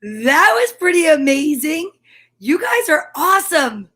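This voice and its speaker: A middle-aged woman hosting a home story time, talking warmly and encouragingly straight to her viewers. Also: high voice, sing-song, a little slow. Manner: warm encouraging, gushing, talks straight to viewers. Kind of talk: upbeat video chat to viewers. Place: home room by a window. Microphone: camera with ring light.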